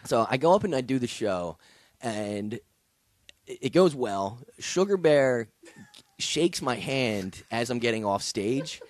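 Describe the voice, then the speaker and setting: A man's voice: mid-range voice, lively intonation, slow pace, no room sound, studio quality. A male comedian telling a wild story on a podcast, with punchy, profane delivery. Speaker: guest comedian. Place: studio with podcast guests.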